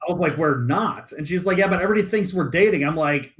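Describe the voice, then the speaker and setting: Young man, high voice, profane storytelling, casual podcast chat. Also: a little fast. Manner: animated, profane, acts out quoted voices. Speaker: podcast co-host.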